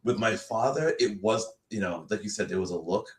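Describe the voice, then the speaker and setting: A man's voice: on the low side, lively intonation, fairly quick. A man talking reflectively and hesitantly on a casual show, restarting his sentences as he goes. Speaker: guest host. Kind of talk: casual podcast talk. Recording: echoey and distant mic.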